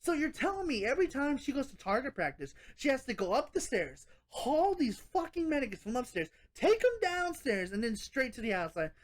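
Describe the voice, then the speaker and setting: A woman's voice: high voice, big pitch swings, a little fast, few pauses. A woman talking through a horror movie review in a loose, casual way. She rambles and restarts, laughs often and swears freely as she picks apart the film.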